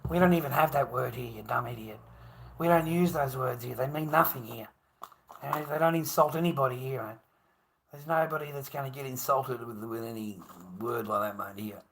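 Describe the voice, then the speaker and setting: Bright-voiced Australian man, swearing a lot. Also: mid-range voice, a little fast, gravelly. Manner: swears a lot, laughs often, calls people mate. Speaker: livestream host. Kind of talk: rambling live-stream chat.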